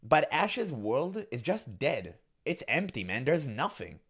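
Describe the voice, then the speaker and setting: Scornful ranting man with lively pitch. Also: slow, slightly rough. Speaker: reaction commentator. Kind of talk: casual reaction commentary.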